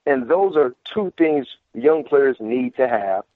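A man's voice: medium pitch, takes it slowly, no echo. A man, a former football player, giving casual sports analysis over the phone and acting out trash talk with energy. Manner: animated, mimics trash talk. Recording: tinny phone line.

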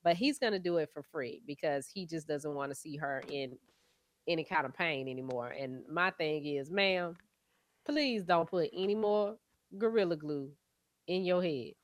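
A woman's voice: sits low, normal speed, no echo. A woman co-hosting a morning radio show with a Southern accent, chatting in a casual, explaining way. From Texas. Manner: chatty, explaining with warm asides.

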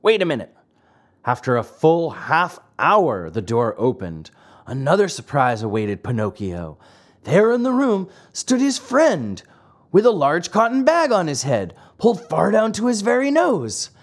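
A man reading a classic fairy tale aloud, dramatic and expressive. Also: fairly high pitch, measured pace. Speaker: narrator. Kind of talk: storybook reading.

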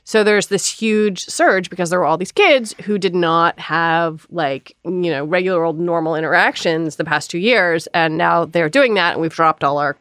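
A woman guesting on a podcast in casual chat, telling stories in an energetic, chatty way. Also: lowish voice, moderate pace, few pauses, no echo.

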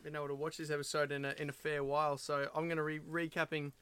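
A man's voice: fairly high pitch, flat delivery, quick pace, sharp tone, clean tone. A man co-hosting a podcast in casual chat, hesitating and restarting often while he thinks. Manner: hesitant, full of uhs and restarts. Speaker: podcast co-host.

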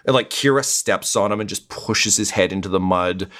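Hesitant, low-voiced game master. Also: male voice, normal speed, a bit bright. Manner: hesitant, full of ums and uhs. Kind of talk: narrating a tabletop game.

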